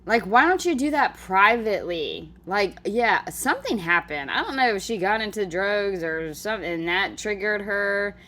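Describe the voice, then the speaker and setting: A woman's voice: mid-range voice, big pitch swings, normal speed, few pauses, pushed and bright, slight background noise. A woman giving casual reaction commentary on a clip, blunt and heated, swearing freely.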